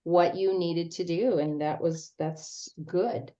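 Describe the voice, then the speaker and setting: A woman with a lowish, mellow voice speaks gently and earnestly in a faith-based grief support group. Her audio is dull and lo-fi, like a video call. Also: slow.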